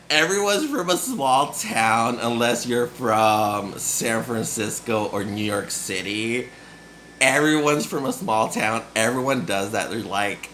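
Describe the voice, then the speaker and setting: A man's voice: medium pitch, slow, a bit bright, slight background noise. A young man from Nevada in a casual, rambling monologue, full of fillers and frequent laughs. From grew up in Nevada. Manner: rambling, filler-heavy, giggly, laughs often.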